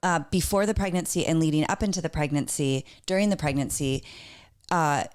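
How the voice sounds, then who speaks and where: Woman, podcast co-host, animated candid storyteller, lowish pitch. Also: brisk, clean tone. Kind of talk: casual chat.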